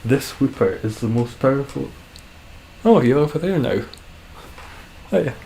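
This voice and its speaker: A man chatting casually and dryly while live-streaming a game, describing his own voice as monotone. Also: medium pitch, measured pace, creaky, a little hiss or hum. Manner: dry, self-deprecating, calls his voice monotone.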